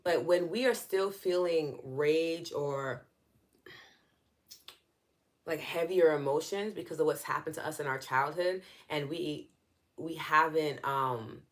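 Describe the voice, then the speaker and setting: A New York-accented woman leads a live online EFT lesson, taking it slowly in a low voice. She explains earnestly and conversationally, responding to comments from her viewers.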